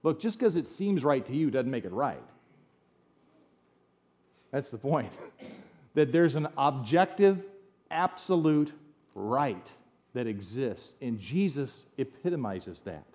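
A man's voice: medium pitch, sing-song, slow, pauses often, darkish tone. A middle-aged man from the United States, preaching a sermon as a pastor in a conversational way that swings into emphatic bursts.

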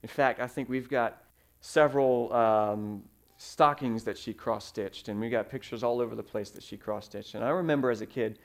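A man preaching a sermon, telling stories with fillers and sudden swings in loudness. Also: mid-range voice, moderate pace. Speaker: pastor.

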